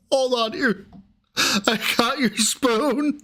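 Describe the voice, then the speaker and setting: A man's voice: high voice, expressive, slow pace, bright, forceful tone. A man commenting on a video, sarcastic and teasing, swearing as he mocks what he hears. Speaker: reaction commentator. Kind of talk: mocking commentary.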